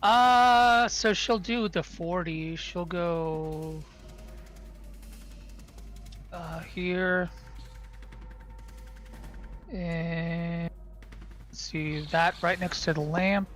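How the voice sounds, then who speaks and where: A player at a tabletop game, slowly thinking aloud through choices. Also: medium pitch, steady tone, a bit bright, soft background music.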